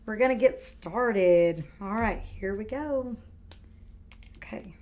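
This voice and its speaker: A woman teaching a kindergarten video lesson, speaking slowly and clearly and stretching out words for young children. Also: mid-range voice, a little mellow.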